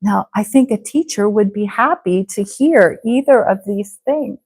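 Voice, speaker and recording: Slow, clear-speaking woman teacher. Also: mid-range voice, a little mellow, rough recording. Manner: slow, clear model phrases for repeating. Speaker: English teacher. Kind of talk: live English class drills.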